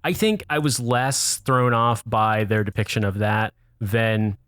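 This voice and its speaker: An American man, a podcast guest in casual comedic chat, wry and profane with halting phrasing. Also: on the low side, a bit bright, clear, resonant tone, no room sound, clean studio sound. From United States.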